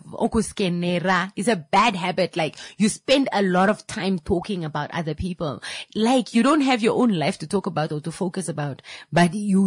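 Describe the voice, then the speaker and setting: A young woman talks straight to her audience in a lowish, husky voice, blunt and openly exasperated. She keeps hammering rhetorical questions. The sound is close and dry, with no room echo. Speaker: vlogger. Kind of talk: casual opinion monologue.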